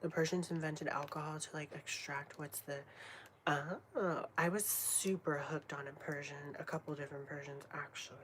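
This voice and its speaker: A deep-voiced woman in her late twenties chats casually with viewers on a live stream at a normal speed. She swears freely and often drops to a whisper, over steady background noise.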